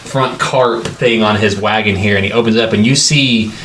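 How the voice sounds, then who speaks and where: A man's voice: fairly low pitch, normal speed, a bit bright, slight background noise. A man narrating as game master in a tabletop game, loose and rambling with lots of fillers.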